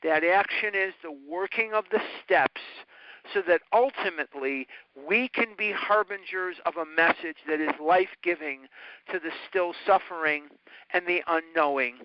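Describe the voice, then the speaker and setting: A man's voice: sits high, moderate pace, no echo. Earnest man on a phone call. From north side of Chicago. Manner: earnest, repetitive, emphatic teaching. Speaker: recovery study leader. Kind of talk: talk to a recovery study group. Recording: dull, dry phone-call audio.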